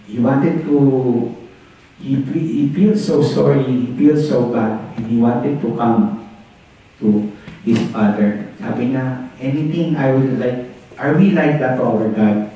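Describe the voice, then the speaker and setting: A man's voice: mid-range voice, mellow. A man preaching a sermon, earnestly asking the congregation questions and repeating "Amen". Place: church hall. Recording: echoey hall, voice from far off the mic.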